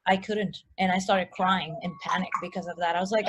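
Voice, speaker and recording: A woman telling a personal story as a guest in a casual chat, animated, full of likes and restarts. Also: mid-range voice, normal speed, few pauses, heavy background noise.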